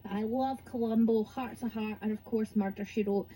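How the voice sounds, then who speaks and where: Woman co-host, high voice, bubbly, teasing, mellow tone. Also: fairly even intonation, moderate pace, slight background noise, poor audio. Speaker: podcast co-host. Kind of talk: casual chat.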